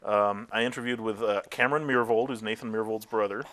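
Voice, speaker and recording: A man's voice: on the low side, fairly even intonation, a little fast, fairly bright tone. A man interviewed as a tech company founder, telling candid stories about his career with frequent fillers and laughing at himself.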